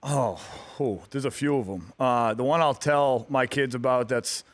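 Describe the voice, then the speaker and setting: A man in his thirties, a guest on a radio talk show, telling stories in a relaxed way with many fillers and restarts. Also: medium pitch, measured pace. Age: 30s. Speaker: guest athlete. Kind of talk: casual radio interview.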